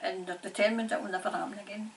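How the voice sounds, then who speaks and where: A Scottish woman working as a psychic medium, talking in a halting, repetitive way and laughing often. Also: medium pitch, fairly even intonation, vocal fry, recorded from a distance, a little hiss or hum, rough recording. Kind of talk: channelling session, casual monologue.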